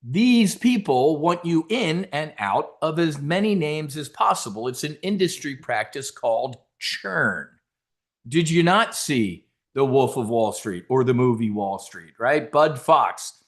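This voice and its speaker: A man running a live trading webcast, blunt and boastful, with loud swaggering delivery and fighter-pilot slang. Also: fairly high pitch, expressive, a little slow. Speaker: options trading educator. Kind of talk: energetic market webcast.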